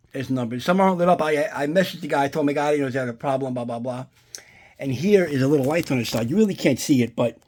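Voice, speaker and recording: At home, a collector with a mid-range, slightly dark male voice shows off a movie prop in a casual unboxing vlog. He rambles through a story and swears a lot along the way.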